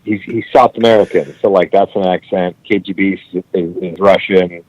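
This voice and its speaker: A man's voice: low voice, fairly even intonation, moderate pace, a little mellow, no room sound, muffled recording. A man co-hosting a casual podcast, blunt and opinionated, swearing as he argues his points. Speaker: podcast co-host. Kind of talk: casual chat.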